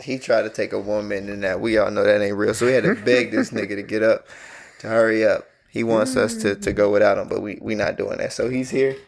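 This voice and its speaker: A man's voice: lowish voice, steady tone, fairly quick, gravelly. A man co-hosting a casual podcast chat, who laughs hard and easily. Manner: laughs hard, breaks into tearful giggles. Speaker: podcast co-host.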